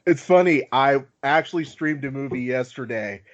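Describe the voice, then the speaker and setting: A man's voice: mid-range voice, normal speed. A man hosting a casual podcast chat, easygoing and self-deprecating, with lots of filler words. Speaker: podcast host. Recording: slightly dull lo-fi audio.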